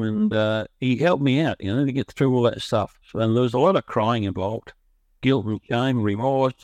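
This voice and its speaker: A man's voice: medium pitch, darkish tone, dry recording. Earnest Australian man telling his story. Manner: rambling, earnest, self-interrupting storytelling. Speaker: recovery speaker. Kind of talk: personal recovery story.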